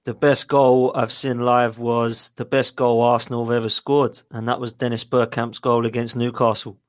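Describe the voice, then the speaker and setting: Podcast guest, man, mid pitch, dry close mic, eager reminiscing. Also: little pitch movement, normal speed, dry recording. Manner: enthusiastic, fond reminiscing. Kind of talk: casual football chat.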